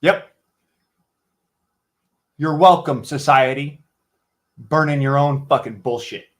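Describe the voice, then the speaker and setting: A man with a drawl rants, swearing at nearly every turn. His voice sits high for a man, and he is heated throughout as he fumes to the camera while cooking. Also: slow pace. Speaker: vlogger. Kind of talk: angry profane rant.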